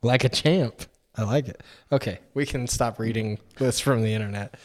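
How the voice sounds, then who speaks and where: A man's voice: mid-range voice, moderate pace. A man chatting casually as a podcast co-host, trading jokes with friends. His voice sits in a middling register and carries a long reverb tail, as if recorded in a big echoing space. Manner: joking, reads lists aloud. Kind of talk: casual chat.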